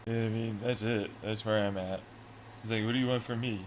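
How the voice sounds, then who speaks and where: A man's voice: fairly low pitch, fairly even intonation, quick pace, slight background noise. A man streaming live, chatting loosely with viewers, swearing and trailing off into asides. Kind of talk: casual rambling chat.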